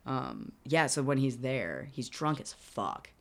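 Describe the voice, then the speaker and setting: Lively young woman, casual movie chat. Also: a bass voice, takes it slowly, vocal fry. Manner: laughing, swearing, acting out scenes in quotes. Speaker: podcast co-host.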